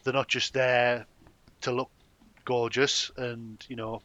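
A man's voice: medium pitch, little pitch movement, slow, sharp tone, no echo, lo-fi sound. A man co-hosting a film podcast in casual chat, rambling and joking with many restarts. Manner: rambling, self-interrupting, joking. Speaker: podcast co-host.

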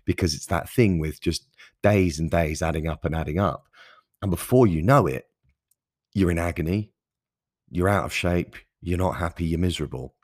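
A man's voice: extremely low pitch, normal speed, darkish tone, husky, no room sound, clean studio sound. A man hosting his own podcast, talking earnestly and passionately in a solo monologue, with emphatic stresses and frequent restarts. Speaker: podcast host.

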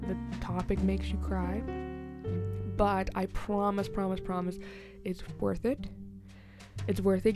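A young woman in her twenties hosts a casual solo podcast, talking in a loose, rambling way full of fillers and light laughs. Her voice has a gravelly, fry-edged texture at a middling pitch. Music plays clearly behind her. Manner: chatty, rambling, laughs often, many "like" fillers. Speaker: podcast host.

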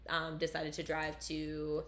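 A young woman from Canada telling a story in casual chat, animated and full of swearing and "like" fillers. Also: low voice, slow. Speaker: storyteller guest.

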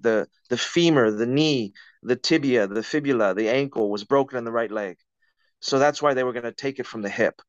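A man's voice: mid-range voice, no echo, lo-fi sound. A man, a podcast guest, telling a personal story in conversation with vivid, dramatic retelling and acted-out quotes.

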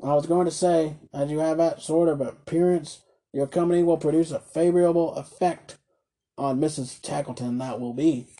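Sneery sarcastic toy merchant guy as a man reads him, husky and mellow, barks out his scorn. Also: fairly high pitch, steady tone, moderate pace, natural voice. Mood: pushy. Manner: brusque, scornful, loud outbursts.

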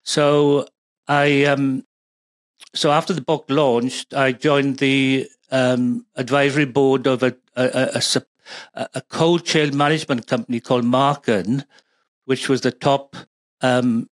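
A man's voice: mid-range voice, little pitch movement, measured pace, no echo. A man with a Welsh accent, a guest speaking as a supply chain expert, rambling with many fillers and restarts. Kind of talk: conversational interview.

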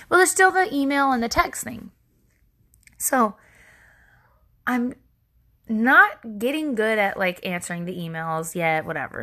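Podcast host, woman, thirties, bright and chatty, candid, self-mocking storyteller who swears freely. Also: medium pitch. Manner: self-deprecating, laughs at herself.

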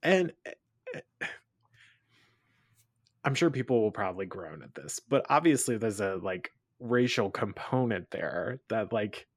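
A man hosting a podcast, chatting casually about a film, animated and laughing as he acts out his reactions. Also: on the low side, measured pace, long pauses, breathy edge, no echo, studio quality. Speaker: podcast host.

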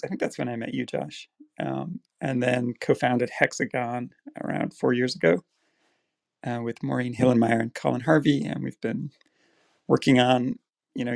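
A man in his forties speaks with a faint South Dublin lilt under a strongly gravelly, fry-laden voice. He answers as an interview guest, relaxed and reflective, pausing on fillers, in a dry, close recording. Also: mid-range voice, no echo. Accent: slight South Dublin Irish. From Ireland. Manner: relaxed, thoughtful, often pauses with fillers. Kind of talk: casual interview chat.

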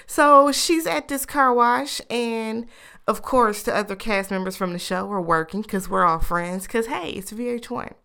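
A woman chats casually through a reality show recap. Her voice is smooth and clear, her delivery animated with laughing, incredulous asides. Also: fairly high pitch, unhurried. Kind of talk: casual chat.

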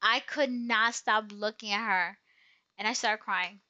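A woman's voice: mid-range voice, unhurried, bright, forceful tone, dull audio. A young woman telling a personal story in casual chat, rambling and emotional with lots of fillers.

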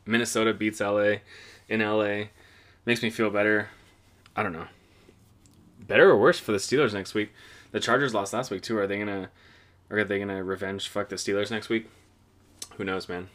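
A young man recapping the week's games on his own podcast, talking loosely and cursing freely. His voice sits a little on the low side, and he drifts through his thoughts with fillers and restarts. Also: flat delivery, moderate pace, long pauses, a bit bright. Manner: rambling, profane, offhand. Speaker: podcast host. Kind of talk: casual solo football podcast recap.

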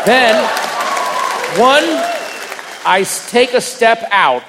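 Animated stand-up comic in a live hall. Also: male voice, high-pitched, takes it slowly, long pauses. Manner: animated, acts out voices, shouts punchlines. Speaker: stand-up comedian. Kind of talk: stand-up storytelling. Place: comedy venue before a live audience. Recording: live room with long reverb and crowd. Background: audience laughter and crowd noise.

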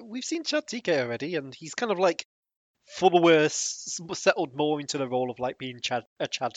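A man's voice: fairly high pitch, lively intonation, moderate pace, a bit bright, no room sound. A man co-hosting a podcast, chatting loosely and laughing often. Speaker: podcast co-host. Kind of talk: casual chat.

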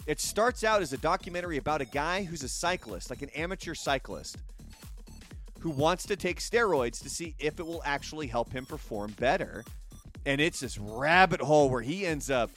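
A man's voice: on the high side, a bit bright. A talkative man runs through the day's headlines in a loose, opinionated way. Faint music plays underneath his voice. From United States. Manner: opinionated, chatty. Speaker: host. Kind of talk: casual news commentary show.

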